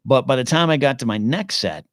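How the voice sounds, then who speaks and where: A man's voice: medium pitch, animated, a little fast, a bit bright, no room sound, studio quality. A man hosting his own live podcast, rambling and thinking aloud while he answers questions from the chat. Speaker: podcast host. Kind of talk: casual live-stream chat.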